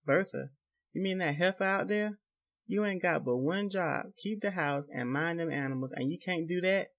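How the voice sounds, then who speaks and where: A man's voice: mid-range voice, normal speed, lightly acted. A man voicing a brutal, towering rural husband. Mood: angry. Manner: menacing, contemptuous rural dialect. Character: huge violent muscular rural husband, domineering.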